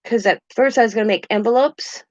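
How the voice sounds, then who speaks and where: A woman's voice: fairly high pitch, a little fast, no echo. An older woman hosting a craft channel, chatting in a rambling, meandering way at home and chuckling often. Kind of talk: casual rambling chat. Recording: dull dry lo-fi sound.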